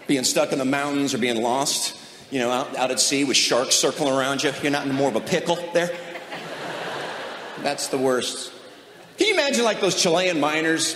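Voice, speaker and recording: A man doing stand-up, telling a sarcastic story about his family. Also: fairly high pitch. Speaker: comedian. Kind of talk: stand-up comedy. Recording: echoey hall, audience noise.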